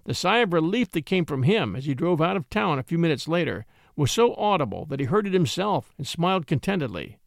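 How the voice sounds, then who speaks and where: Male storyteller, fairly high voice, expressive reading, dry studio sound. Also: brisk, gravelly, hardly any pauses, no echo. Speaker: narrator. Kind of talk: scripted storybook narration.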